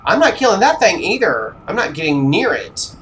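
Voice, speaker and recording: A streamer giving live commentary on an online role-playing game, grumbling and talking to themselves with quick reactions. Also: medium pitch, sing-song, fairly bright tone, slight background noise.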